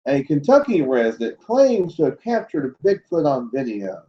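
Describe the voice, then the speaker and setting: A man's voice: on the high side, big pitch swings, normal speed, mellow. Skeptical man hosting a lo-fi livestream. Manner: skeptical, blunt asides with chuckles. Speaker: host of a cryptid livestream show. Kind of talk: casual livestream talk, reading news stories aloud.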